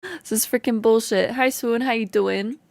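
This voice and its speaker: A woman streamer chatting casually with her viewers, greeting them and laughing often, her voice slightly hoarse. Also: fairly high pitch, normal speed, darkish tone, dry recording, clean studio sound. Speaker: live streamer. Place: home in Canada.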